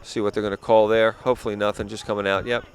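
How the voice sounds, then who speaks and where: A man's voice: fairly low pitch, little pitch movement, quick pace. A man doing play-by-play for a youth soccer game, explaining plays with frequent "yep" and "uh". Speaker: play-by-play commentator. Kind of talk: local sports commentary. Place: outdoor soccer field. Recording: faint outdoor noise.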